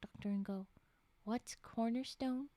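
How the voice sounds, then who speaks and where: A woman voicing a calm, clinical doctor who questions a subject in a measured, lower tone. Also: no echo.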